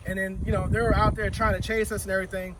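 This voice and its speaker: Guy with a high voice swearing through a story outside in the woods, mic kinda far, loud traffic noise behind. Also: fast talker. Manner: profane, rambling, animated storytelling. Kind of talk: casual storytelling. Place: outdoors in a forest.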